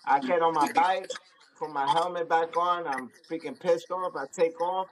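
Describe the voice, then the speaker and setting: A man's voice: fairly high pitch, fairly even intonation, moderate pace, rough recording. A man telling a story in a slangy, streetwise way, acting out the quotes. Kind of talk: animated storytelling.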